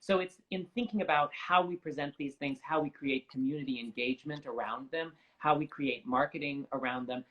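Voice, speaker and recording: A man's voice: a little high, fairly quick, hardly any pauses, lo-fi sound. A young man speaking as an opera singer guest in an interview, articulate, earnest and reflective. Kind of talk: conversational interview.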